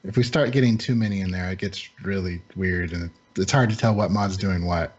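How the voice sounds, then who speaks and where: A calm man with a husky, slightly low voice who patiently explains the rules in a gaming chat. His mic sounds a little dull. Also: fairly quick.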